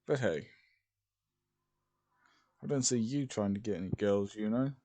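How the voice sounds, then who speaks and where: A man's voice: lowish voice, a little slow, mellow, voice pushed down. A man voicing a teasing, easygoing young male wizard in a fan-made story.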